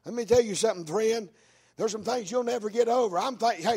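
A man preaching a fiery sermon in church, telling a story with a preaching cadence that rises into shouts. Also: high voice, breathy edge. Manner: preaching cadence, rising into shouts, drawn-out words.

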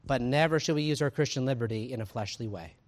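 A man, preaching a sermon in a conversational, animated way, full of asides and rhetorical questions. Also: medium pitch, fast. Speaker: pastor.

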